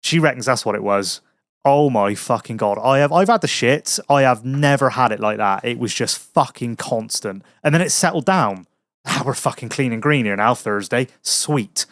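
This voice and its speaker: A man's voice: mid-range voice, moderate pace, fairly bright tone, dry recording, studio quality. A man telling a crude anecdote on a podcast, swearing a lot and laughing at his own story in casual chat. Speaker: podcast host.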